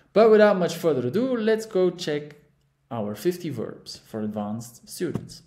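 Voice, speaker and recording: A man's voice: on the high side, dark tone, roomy sound. A man teaching a vocabulary lesson, stressing each word and checking in with "all right?". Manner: emphatic, drills words with frequent "all right?" checks. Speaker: language teacher.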